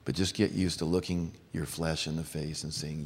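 A man's voice: very deep voice, level tone, moderate pace, breathy edge. A middle-aged man preaching a sermon to fathers, earnest and storytelling. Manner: earnest, storytelling with acted-out voices. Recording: long hall reverb.

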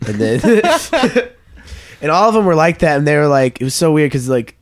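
A man's voice: a little high, moderate pace. A young man in a studio, telling a funny story in casual chat, acting out voices and laughing often. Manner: animated, acts out voices in his stories, laughs often. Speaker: comedian guest. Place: radio studio.

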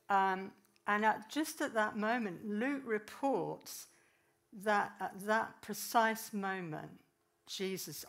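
A woman preaching a sermon, telling Bible stories in a lively way and acting out the figures. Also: lowish voice. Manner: lively storytelling, voices the figures, laughs.

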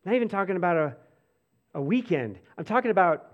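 A pastor delivers a sermon in a loose, conversational style, peppered with "like" and frequent restarts, shifting between lively bursts and quiet, gentle stretches. His voice is high and fast, and the recording loses its upper frequencies.

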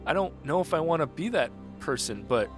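A man's voice: on the high side, sing-song, a little fast, soft background music, pitched above the performer's own voice. A man voicing a shaken man who feels forgotten, faltering and repeating himself before anger breaks through. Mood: distraught.

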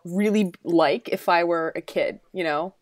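A woman's voice: on the low side, no room sound. A young woman from Connecticut co-hosting a podcast, chatting casually and teasing playfully. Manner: playful, quick to tease and laugh. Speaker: podcast co-host. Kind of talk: casual chat.

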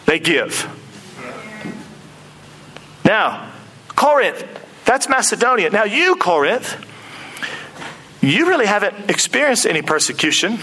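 A man preaching a sermon in an animated, conversational way, often acting out quoted speech. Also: high voice, slight background noise, rough recording. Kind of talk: expository sermon.

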